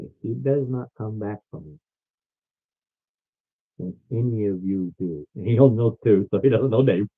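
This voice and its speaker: A man's voice: lowish voice, moderate pace, long pauses, husky. A man voicing a grim, haunted father. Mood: menacing. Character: grim terrified father threatening adventurers. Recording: phone-like lo-fi recording.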